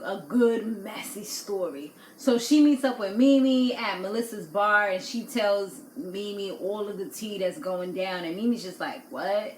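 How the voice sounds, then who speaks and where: A woman talks through a reality TV episode in a casual, gossipy way, slipping into little acted-out quotes as she goes. Her voice sits in the middle range for a woman. The sound is roomy and echoey, with a faint hiss underneath. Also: medium pitch. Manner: animated, gossipy, laughs often, acts out quotes. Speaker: TV recap vlogger. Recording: echoey room with faint noise.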